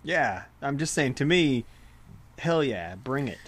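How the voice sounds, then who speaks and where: A man's voice: medium pitch, expressive, takes it slowly, fairly bright tone. A man hosting a podcast, telling goofy stories in casual chat and laughing often. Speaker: podcast host.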